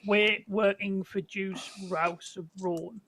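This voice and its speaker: A man's voice: high-pitched, steady tone, slow pace, bright, forceful tone, slight background noise. Bantering man playing a tabletop game. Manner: bantering, slips in and out of a put-on accent. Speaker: player.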